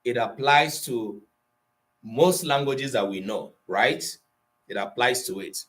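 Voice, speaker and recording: A man's voice: medium pitch, a bit bright. Igbo-accented male tutor, leisurely delivery, patient explainer. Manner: explains slowly, switching between Igbo and English, quizzing students. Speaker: Igbo language teacher. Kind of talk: online language class.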